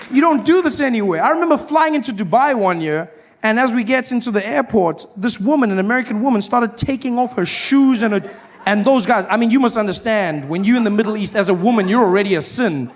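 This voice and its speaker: A stand-up comedian with a fairly high voice tells his stories in an animated, lively way. He keeps slipping into acted-out voices, and faint noise hums underneath. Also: brisk.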